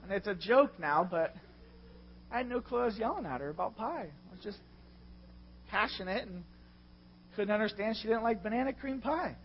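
A middle-aged man preaching a sermon as a pastor, passionate and confessional, with loud swells. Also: sits high, animated, moderate pace, long pauses, dull audio, slight background noise. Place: church.

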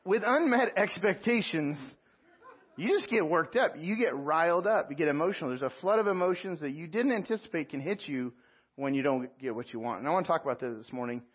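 A man preaching a sermon, telling a personal story with animated asides and self-mocking laughs. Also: a little high, fairly quick, slightly rough, highs cut off. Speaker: pastor.

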